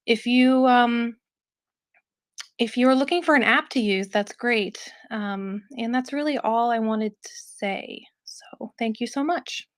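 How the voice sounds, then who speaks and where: A woman's voice: a little high, no echo. A woman in a casual live chat, self-deprecating as she explains something plainly. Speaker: speaker in a live audio space.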